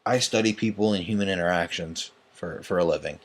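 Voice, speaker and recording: Tired, ranting young man, low voice. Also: fairly quick. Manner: agitated, profane, tired and yawning. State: tired, late at night. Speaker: online tournament host. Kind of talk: ranting vlog.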